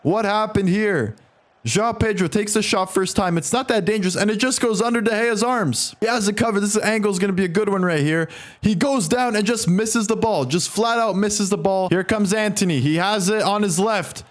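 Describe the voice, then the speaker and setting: A young man giving play-by-play commentary on his own football video game career, excitable and quick to get frustrated. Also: high-pitched. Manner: excitable, swings from calm to frustrated. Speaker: gaming commentator.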